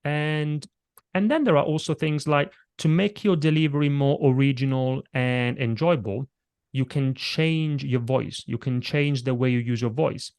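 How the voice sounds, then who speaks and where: A man's voice: mid-range voice, a little slow, darkish tone, clear, resonant tone. A middle-aged man, a presentation coach, explaining delivery techniques in a conversational podcast interview. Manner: explanatory, demonstrates vocal techniques as he talks.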